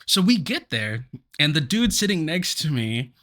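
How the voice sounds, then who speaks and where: A man with a fairly high, bright, forceful voice tells a story in loose, casual podcast chat. He laughs often and jumps up in pitch when something strikes him as absurd. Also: very animated, moderate pace. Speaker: podcast co-host.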